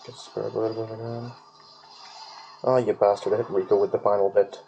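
A man's voice: on the low side, level tone, brisk, vocal fry, mellow, rough recording. A man giving casual gaming commentary while he plays, rambling, swearing freely and humming nonsense tunes. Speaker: let's play gamer.

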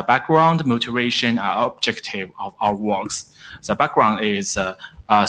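Halting man presenting, low voice. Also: a bit bright, low-quality recording. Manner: halting, frequent "uh", broken grammar. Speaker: presenter of a draft at a standards meeting. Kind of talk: technical presentation with many fillers and restarts. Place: conference room.

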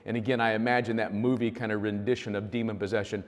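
A man's voice: fairly low pitch, fairly even intonation, quick pace. Man preaching in an echoing hall. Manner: conversational, vivid storytelling with fillers. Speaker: pastor. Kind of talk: sermon. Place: church hall. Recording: long hall reverb.

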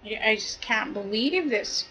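Indignant high bright-voiced woman preaching. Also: expressive, measured pace, slight background noise, poor audio. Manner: indignant, preachy, repetitive emphasis. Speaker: video commentator. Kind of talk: impassioned monologue.

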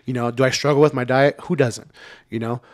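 A man's voice: medium pitch, steady tone, a little fast, no room sound, clean studio sound. A man in his thirties talking candidly on a podcast, laid-back, with lots of fillers and the odd curse word. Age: 30s. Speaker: podcast regular. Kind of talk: casual podcast chat.

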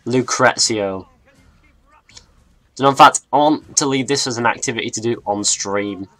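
A young man with a mixed northern and southern English accent, giving rambling, excitable let's play commentary. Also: medium pitch, a little slow. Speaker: gaming YouTuber.

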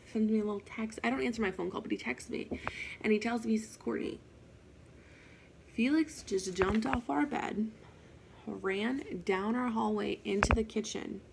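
A young woman with a gravelly, fry-laden voice at a mid pitch tells a ghost story, chatty and animated. A faint noise hums under the recording. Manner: chatty, animated retelling with swearing and asides. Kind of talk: casual storytime vlog.

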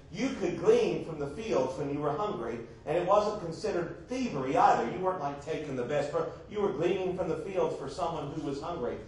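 A man preaching a sermon as pastor, emphatic, often asking the congregation rhetorical questions. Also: high-pitched. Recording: far-off echoey church recording.

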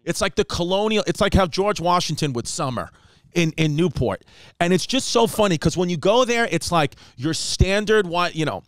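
A man from New York, a comedian hosting a podcast, telling stories in casual chat and jumping up in pitch for quoted voices. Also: animated, moderate pace, dry recording, studio quality.

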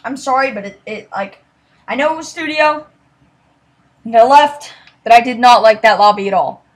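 A woman giving casual commentary over her gameplay, rambling and apologetic, sometimes trailing into quiet mutters and then bursting out excitedly. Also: fairly high pitch, moderate pace. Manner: excitable outbursts. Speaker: gaming commentator.

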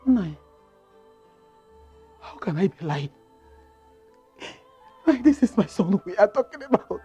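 A woman's voice: medium pitch, big pitch swings, slow pace, dark tone, husky, dull audio, faint music behind, full character voice. A tearful begging Nigerian mother. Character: distraught mother begging a village priest. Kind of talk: Nollywood village drama acting.

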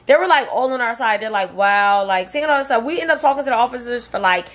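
Young woman, vlogger, rambling storytime, lots of fillers, fairly high voice. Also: lively intonation, fast talker, a bit bright. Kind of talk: casual storytime chat to camera.

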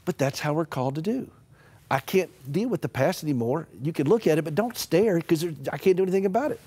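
A middle-aged man with a Southern US accent, telling folksy stories with humor and dropping to a gentle hush for emphasis as a guest on a Christian TV talk show. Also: fairly high pitch, animated, quick pace, breathy edge. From American South. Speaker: author and caregiver advocate.

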